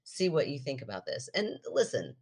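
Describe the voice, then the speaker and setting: A woman with a notably low, deep voice co-hosts a casual podcast chat. She teases playfully and reads passages aloud from a book with relish. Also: very animated, normal speed, a little mellow, husky. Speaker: podcast co-host.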